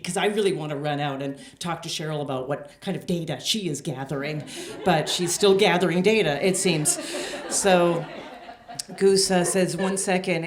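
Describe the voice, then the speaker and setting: A woman telling a personal story on a small theater stage, lively and acting out her own dialogue. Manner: animated, acts out dialogue in a high excited voice. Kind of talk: live storytelling.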